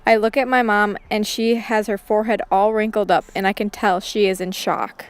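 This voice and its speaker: A woman's voice: mid-range voice, fairly even intonation, moderate pace, few pauses, smooth. A woman reading a first-person realistic fiction story aloud, voicing the characters' lines lightly in her own voice.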